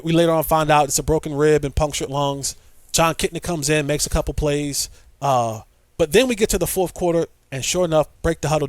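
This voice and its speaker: Excitable man telling a story. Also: a little high, no room sound. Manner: excitable storyteller, acts out quotes, repeats words. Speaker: podcast guest, former player. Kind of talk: animated storytelling.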